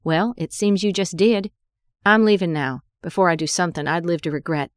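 A woman's voice: lowish voice, fairly even intonation, brisk, smooth, dry recording, clean studio sound, close to an everyday voice. A woman voicing a betrayed woman who speaks in clipped, bitter lines while furious and wounded. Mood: angry.

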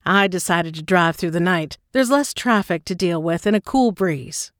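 A woman's voice: animated, normal speed, no room sound, clean studio sound, lightly acted. A woman voicing a polite, earnest young woman asking to join a boat crew, in an audiobook. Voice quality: described as deep with Southern accent. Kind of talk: audiobook character reading.

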